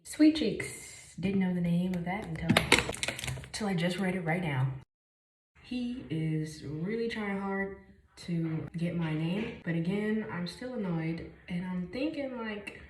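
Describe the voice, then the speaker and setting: Young woman vlogger, lowish voice, chatty story time in an echoey room with faint hiss. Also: unhurried. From Chicago. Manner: animated, jumps between whispers and bursts of exclaiming. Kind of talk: casual story time while doing makeup.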